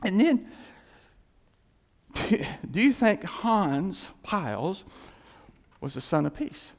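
Folksy preacher, lively and gravelly. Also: male voice, sits high, very slow, in a large hall. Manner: folksy, animated storytelling with chuckles. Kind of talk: sermon with a personal story.

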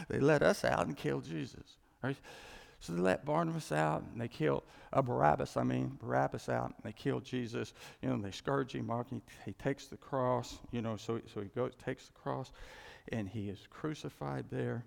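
Male preacher, sermon, gravelly, animated storytelling, long hall reverb. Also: medium pitch, moderate pace. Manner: conversational, animated storytelling with acted quotes.

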